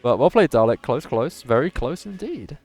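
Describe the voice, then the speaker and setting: Man, live game tournament commentator, energetic hype delivery, slightly strained voice, faint music underneath. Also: mid-range voice, normal speed. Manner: animated commentator voice, says his voice is going.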